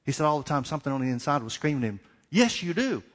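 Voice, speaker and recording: A man's voice: mid-range voice, steady tone, rapid-fire, fairly bright tone. A middle-aged man preaching a sermon, asking repeated questions and acting out little dialogues. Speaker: pastor.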